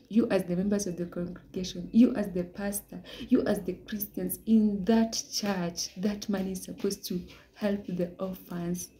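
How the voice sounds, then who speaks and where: A young woman giving an earnest personal testimony, often dropping into hushed half-whispers. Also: medium pitch, a little hiss or hum. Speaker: vlogger sharing a religious message.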